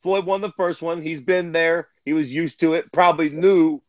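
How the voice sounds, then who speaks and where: Excitable profane man, dry close sound. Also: fairly high pitch, normal speed, no echo. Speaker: podcast co-host. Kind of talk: casual fight talk.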